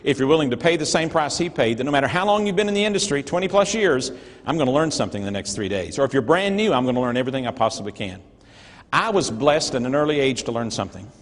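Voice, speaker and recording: A middle-aged motivational speaker from North Georgia tells a story to a live audience in a large hall. Earnest and folksy, he talks fast with lively intonation at medium pitch, his loudness swinging emphatically.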